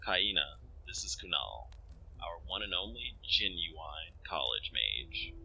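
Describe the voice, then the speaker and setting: A man's voice: low voice, very animated, slow, gravelly, sharp tone, slight background noise, exaggerated voice, rough recording. A man voicing a confident young male party leader in a visual novel, friendly and a bit boastful.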